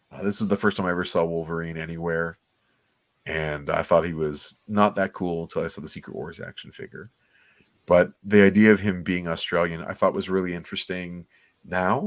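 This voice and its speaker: A man's voice: sits low, no room sound. A man co-hosting a comics livestream, giving rambling, enthusiastic, nostalgic commentary on an old cartoon. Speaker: comics podcast co-host.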